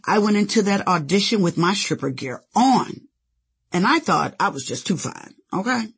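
A woman's voice: medium pitch, lively intonation, normal speed, creaky, breathy edge. A woman narrating her own memoir with sassy, conversational storytelling. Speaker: author and narrator.

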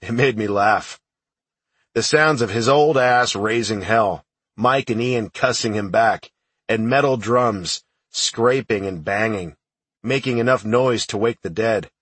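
A man narrates an audiobook in the first person, matter of fact and unhurried. His voice is a little low and husky. It is recorded close and dry, with no room sound at all. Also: fairly bright tone, no room sound, recorded from a distance. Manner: plain, matter-of-fact storytelling.

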